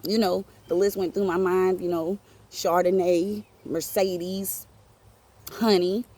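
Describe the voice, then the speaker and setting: A woman telling a personal story on her podcast in an animated, profane, streetwise way. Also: lowish voice, takes it slowly. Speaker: podcast host.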